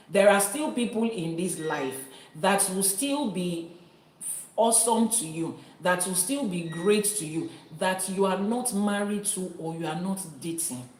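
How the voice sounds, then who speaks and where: Woman from Nigeria, live-stream host, earnest and emphatic; lowish voice in an echoey room. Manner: earnest, emphatic, addresses viewers directly. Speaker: Ifa priestess hosting a live stream. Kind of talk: live-stream teaching talk, reading viewer comments.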